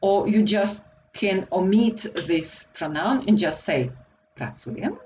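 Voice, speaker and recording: A teacher speaking English, taking each point slowly and patiently, pausing on hesitations and correcting themselves mid-sentence. The voice sits at a middle pitch, with a faint hum of room ambience underneath. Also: a little mellow, poor audio. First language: Slovak. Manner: patient, explanatory, frequent hesitations and self-corrections. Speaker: language teacher. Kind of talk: recorded language lesson.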